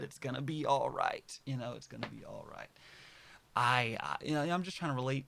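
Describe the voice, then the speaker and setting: A man in his early twenties talking casually to his viewers, rambling and correcting himself, dropping to soft mutters and then bursting out loud. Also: mid-range voice, sing-song, moderate pace, vocal fry. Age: early 20s. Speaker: vlogger. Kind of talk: casual personal monologue to camera.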